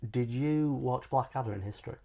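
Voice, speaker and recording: Jokey podcast co-host. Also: male voice, mid-range voice, brisk, creaky. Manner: jokey, tells stories in a relaxed banter. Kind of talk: casual chat.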